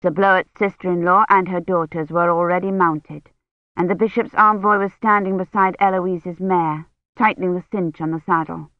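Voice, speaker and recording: A woman reading a novel aloud as audiobook narrator in a measured, even way. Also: on the low side, no room sound. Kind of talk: scripted narration. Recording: dry, dull lo-fi audiobook recording.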